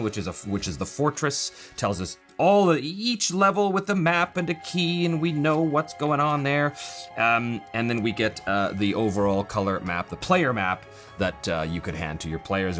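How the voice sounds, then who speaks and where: Male host, mid pitch, eager and rambling, casual walkthrough, light background music. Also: moderate pace, fairly bright tone. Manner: enthusiastic, rambling, many fillers and restarts. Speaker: channel host reviewing a game book.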